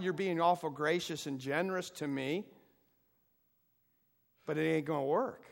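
A man's voice: on the high side, fairly bright tone, in a large hall. A male pastor preaching a sermon to his congregation, building to emphatic peaks and leading them in call and response. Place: church sanctuary.

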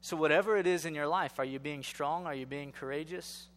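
A man's voice: a little high, a little fast, a bit bright, in a large hall, slight background noise. A male pastor giving a sermon in a conversational style, asking rhetorical questions and building to emphatic exhortation.

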